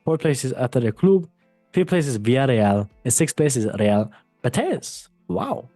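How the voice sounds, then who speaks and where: A man's voice: medium pitch, animated, moderate pace, dark tone, dry recording, soft background music. A man hosting a casual football podcast, playful and goofy, joking at his own expense. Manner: goofy, playful, self-mocking. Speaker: host.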